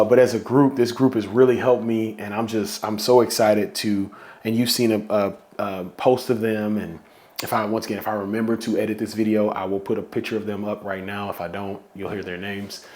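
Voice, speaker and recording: A man's voice: fairly low pitch, fairly even intonation, normal speed, a little mellow. A man hosting a solo podcast, talking casually and with feeling, at times close to getting emotional. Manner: heartfelt, emotional, conversational. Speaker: podcast host.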